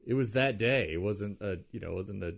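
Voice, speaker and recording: A man's voice: lowish voice, a little fast, vocal fry. A man co-hosting a podcast, rambling and teasing his friends in casual chat. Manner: rambling, teasing, many fillers. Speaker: podcast co-host.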